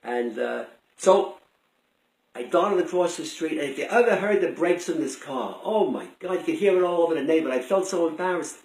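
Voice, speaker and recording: An older man telling a personal story out loud in a rambling, conversational way with many restarts. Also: fairly high pitch, lively intonation, a little fast. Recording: roomy echo.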